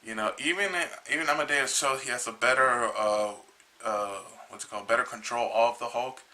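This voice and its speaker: A man with a very bright, sharp-edged voice retells a comic book's plot in a loose, casual way. He rambles and halts, restarting his sentences often, and sounds a little tired. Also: medium pitch, steady tone, low-quality recording. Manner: rambling, halting, with many restarts. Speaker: comic book reviewer.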